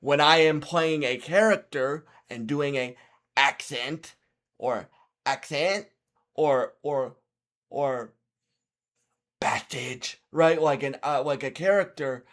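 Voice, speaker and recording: A young man giving a casual spoken movie review to his channel's viewers, halting and often restarting and repeating words, earnest when he gives advice. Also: on the high side.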